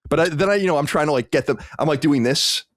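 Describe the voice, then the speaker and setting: A fast-talking man with a fairly high voice co-hosts a podcast, chatting casually in a rambling way heavy with fillers.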